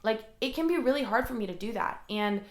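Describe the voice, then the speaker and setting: This solo motivational podcaster speaks fairly quickly in an expressive voice on the high side, from her room at home. The room echoes and the background is noisy. She rambles earnestly with plenty of "like," and the recording was made alongside a camera.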